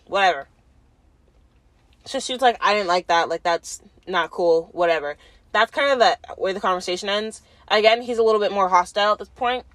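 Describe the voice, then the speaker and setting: A woman's voice: mid-range voice, no room sound. Young woman rambling thru a show recap, lots of likes and ums, dry close sound. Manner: chatty, filler-heavy, acts out quotes. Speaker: reality show commentator. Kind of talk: casual recap chat.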